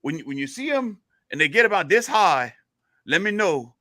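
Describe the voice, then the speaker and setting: A man voicing an easygoing Cajun man on horseback, with a Louisiana Cajun accent and a high, drawling delivery. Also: sing-song, moderate pace, pushed and bright, no room sound, studio quality, full character voice. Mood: unbothered.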